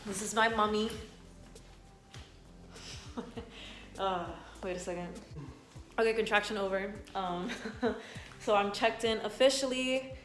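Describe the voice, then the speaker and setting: A woman's voice: mid-range voice, steady tone, measured pace, pauses often, poor audio. Young female vlogger, in labor, chatty and giggly, faint music under her. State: in labor, pausing through contractions. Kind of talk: casual vlog chat.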